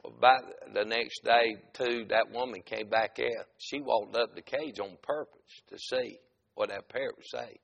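Gravelly, folksy preacher man. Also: medium pitch, steady tone, measured pace, a bit bright, dull audio. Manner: peppers talk with "amen", folksy storyteller. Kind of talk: humorous sermon.

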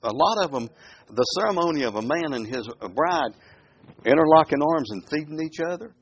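A man preaching a sermon. He reads scripture aloud slowly, breaks into folksy asides, and keeps asking his listeners questions. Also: a little high, slight background noise. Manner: animated, asks the listeners questions.

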